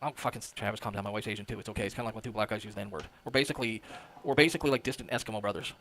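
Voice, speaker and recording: A man's voice: lowish voice, rapid-fire, fairly bright tone, a little hiss or hum. A man chatting on a livestream as a guest, rambling and hesitant, with plenty of fillers and swearing. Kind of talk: casual livestream chat.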